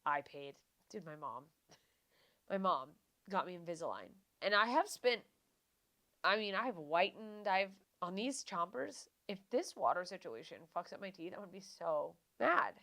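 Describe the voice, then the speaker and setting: A woman's voice: on the low side, lively intonation, unhurried, a bit bright. A young woman hosting a podcast, talking in a rambling, profane and self-deprecating casual rant. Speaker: podcast host.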